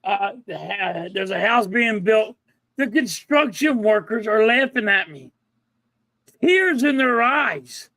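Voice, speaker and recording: On a dry recording, a middle-aged man from Philadelphia talks slowly in a voice that sits high. He co-hosts a relaxed podcast, animatedly telling stories, acting out what people said, and swearing liberally.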